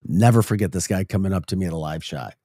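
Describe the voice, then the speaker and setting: A man's voice: deep voice, fast, mellow, no echo, studio quality. A man hosting a casual morning radio show with a St. Louis accent, chatty and laughing at his own stories. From St. Louis area, Midwest.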